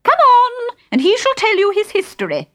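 A woman voicing a shrill, imperious queen who shrieks drawn-out commands, with faint music behind. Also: wildly swooping pitch, exaggerated voice. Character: shrill imperious adult female queen, furious.

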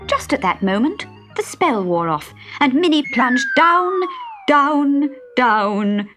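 A woman narrating a children's storybook with an expressive, animated reading. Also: high-pitched, slow. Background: background music.

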